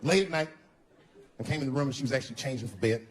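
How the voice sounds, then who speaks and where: A man doing stand-up comedy, telling a story and acting out other people's voices with lively jumps in pitch. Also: racing. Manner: animated, acts out voices of son and wife with big pitch jumps. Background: audience laughter.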